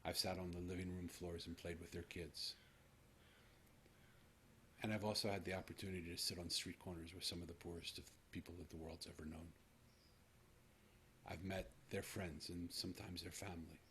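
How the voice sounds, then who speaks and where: A man's voice: deep voice, flat delivery, normal speed, long pauses, bright, forceful tone, a little hiss or hum. A man in his sixties, a podcast host telling a personal story to his guest in an earnest, reflective way. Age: 60s.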